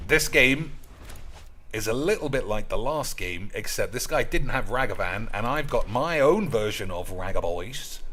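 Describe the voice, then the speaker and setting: A man's voice: lowish voice, a bit bright, a little hiss or hum. A man giving crude, ranting, mock-boastful commentary over his own gameplay. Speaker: gaming streamer.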